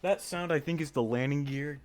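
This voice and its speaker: A man casually talking through a flight simulator game, thinking aloud with many pauses and filler words, and breaking into sudden excited outbursts. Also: on the high side, a little hiss or hum. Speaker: flight sim gamer. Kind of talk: casual gameplay commentary.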